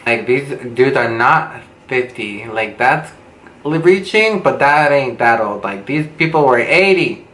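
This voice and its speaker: A man's voice: mid-range voice, animated, measured pace, fairly bright tone. A young man telling a casual storytime in a dramatic, gossipy, profane way, recorded on a camera mic at home. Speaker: beauty vlogger. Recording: roomy with faint background noise.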